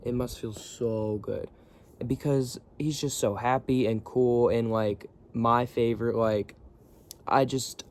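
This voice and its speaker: A man's voice: mid-range voice, a little mellow. Laid-back, rambling young man vlogging. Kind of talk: casual rambling chat. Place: bunk bed area indoors.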